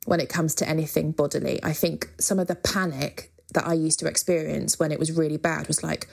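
A woman's voice: sits low, steady tone, fairly quick, creaky. A woman, a musician, talking frankly and chattily as a guest in an interview. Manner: frank, chatty, with many fillers and casual swearing. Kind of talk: candid interview conversation.

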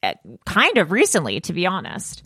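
A woman's voice: lowish voice, wildly swooping pitch, moderate pace, sharp tone, husky, no room sound, clean studio sound. A woman co-hosting a podcast in casual chat, enthusiastic and laughing often. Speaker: podcast co-host.

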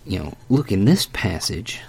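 A man preaching a conversational sermon, animated and emphatic, with folksy asides as he walks through a Bible passage. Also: deep voice, moderate pace, vocal fry, slight background noise.

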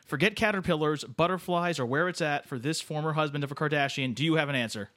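A man's voice: on the high side, fast, pushed and bright. A man co-hosting a podcast who runs a quiz game in a teasing, playful way. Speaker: podcast co-host. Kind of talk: casual chat, running a quiz game.

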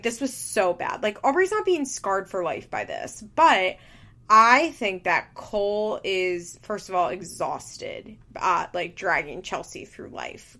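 A woman's voice: on the low side, a bit bright. A woman giving casual, opinionated commentary on a reality show, talking freely with lots of filler words. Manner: chatty, opinionated, frequent "like" fillers. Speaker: podcast host recapping reality TV.

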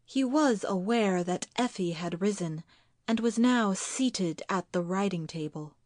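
A woman reading a literary ghost story aloud at an unhurried pace, measured and deliberate. Her pitch sits in a middle range, and the recording is dry and close with no room sound. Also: darkish tone, no room sound.

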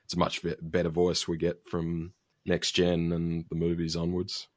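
A man's voice: low-pitched, completely flat delivery, moderate pace, dry recording, studio quality. A man co-hosting a podcast, chatting casually and reading out a listener's email, with many ums and restarts. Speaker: podcast co-host.

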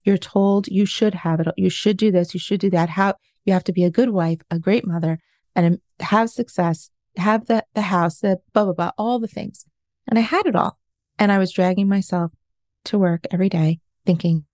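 Woman in her 40s, life coach, earnest confessional storytelling, warm low-key voice, dry close mic. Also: fairly even intonation, normal speed, dry recording. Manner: earnest, confessional, self-questioning. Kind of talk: candid interview storytelling.

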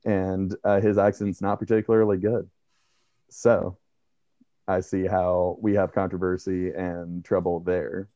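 A man co-hosting a casual discussion, speaking in a measured way with many fillers. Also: low voice, level tone, warm tone, no echo. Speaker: podcast co-host. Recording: dull dry lo-fi sound.

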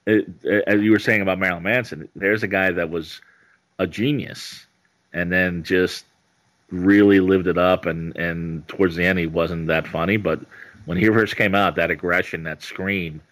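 Man, very low voice, rambling and halting, comedian on a podcast. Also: fairly even intonation, a bit bright. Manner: rambling, halting, many restarts. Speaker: stand-up comedian, guest. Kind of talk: casual podcast interview.

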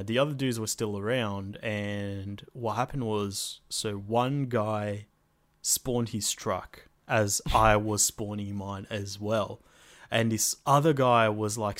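A young man telling a rambling, sweary gaming story in casual chat, slipping into jokey voices. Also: lowish voice.

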